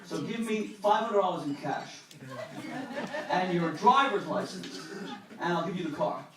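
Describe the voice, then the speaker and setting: A slick, scheming car seller, as a comedian puts him on, smooth and persuasive. The voice rings through a very echoey club and is heard from a distance. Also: male voice, high voice, measured pace, crowd noise.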